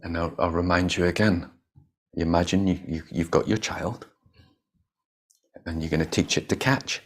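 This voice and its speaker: A man giving a Buddhist dharma talk as a meditation teacher. He speaks in an animated, emphatic way, laughs often and swears casually. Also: deep voice, moderate pace.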